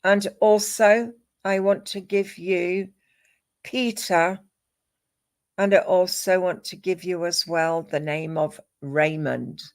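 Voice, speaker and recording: A woman giving a live psychic reading, calm and measured, listing names and images one at a time. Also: on the low side. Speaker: psychic medium.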